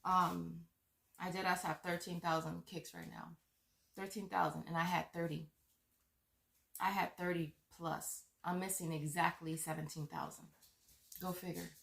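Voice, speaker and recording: Furious woman ranting, gravelly low voice. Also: flat delivery, moderate pace. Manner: heated, profane, repeats herself, stammers. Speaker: vlogger on money-saving apps. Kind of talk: angry rant to viewers.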